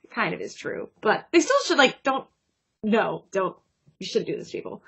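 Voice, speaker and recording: A woman's voice: mid-range voice, very animated, moderate pace, gravelly, fairly bright tone, husky. A woman co-hosting a podcast in casual chat, retelling a manga chapter and reading its lines aloud. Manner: reads character dialogue aloud in a light, chatty way. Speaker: podcast co-host.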